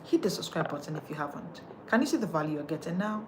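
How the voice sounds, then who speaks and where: A woman's voice: deep voice, lively intonation, fast talker, heavy background noise. A woman, coaching listeners on how they speak, emphatic and repetitive as she drives each point home. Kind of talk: motivational coaching talk.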